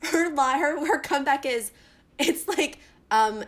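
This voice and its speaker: A woman co-hosting a book podcast, telling a funny scene in an animated, giggly way. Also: sits high, a little slow. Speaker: podcast co-host. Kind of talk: casual chat.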